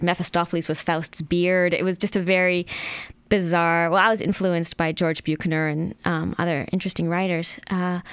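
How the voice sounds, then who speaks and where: A woman author with a lowish, smooth and clear voice. She talks loosely and chattily, with plenty of fillers. She is recorded close and dry. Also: no echo. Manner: chatty, with many fillers and restarts. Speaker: author and interview guest. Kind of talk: casual interview talk and reading from her book.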